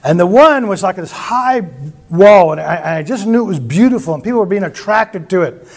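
A man's voice: high voice, animated, moderate pace. A man preaching a sermon through rambling anecdotes, with frequent restarts. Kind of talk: sermon storytelling.

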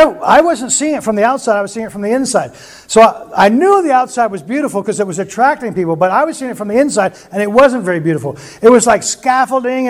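A man preaching a sermon through rambling anecdotes, with frequent restarts. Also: high-pitched. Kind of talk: sermon storytelling.

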